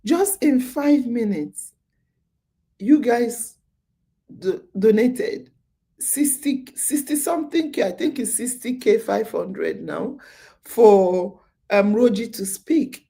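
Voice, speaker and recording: Sleepy, chatty woman with a mellow voice. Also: a little high, animated, slow, gravelly. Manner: chatty storytelling, repeats phrases, many fillers. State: sleepy, yawning. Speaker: podcast host. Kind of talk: casual live-stream chat.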